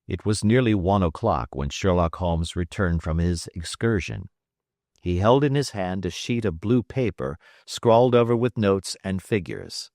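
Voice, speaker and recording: A man narrating a classic detective story in measured storytelling. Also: low-pitched, darkish tone, dry recording, studio quality. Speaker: audiobook narrator. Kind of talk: scripted narration.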